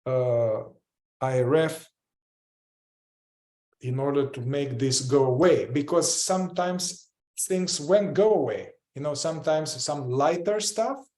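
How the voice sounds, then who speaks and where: Reflective man with a higher voice. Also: mellow, roomy sound. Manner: reflective, repeats phrases while demonstrating. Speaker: group facilitator. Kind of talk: casual teaching talk.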